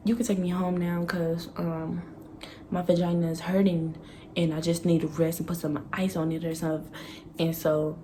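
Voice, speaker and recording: A young woman tells a candid story to her vlog audience, blunt and full of swearing. Her voice sits low for a woman, and she laughs often while acting out her own past lines. A faint hum of room noise stays under her speech. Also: dark tone. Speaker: vlogger telling a story. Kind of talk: casual storytime.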